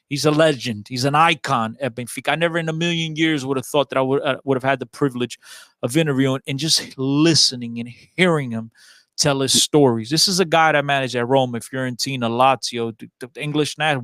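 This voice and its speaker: A man excitedly telling stories as a guest on a casual podcast, rambling with frequent restarts. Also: medium pitch, no echo, clean studio sound. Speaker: podcast guest, club fan.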